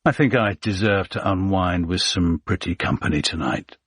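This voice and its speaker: A man's voice: deep voice, moderate pace, a bit bright, breathy edge, no echo, clean studio sound. A man voicing a vain, scheming male pastor with a smug manner.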